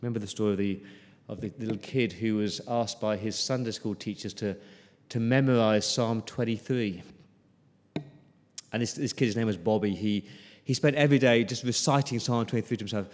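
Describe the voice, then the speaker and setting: A man preaching an earnest sermon, often repeating words and dropping into soft, pleading passages. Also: mid-range voice, normal speed. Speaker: pastor. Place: church hall. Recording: long church reverb.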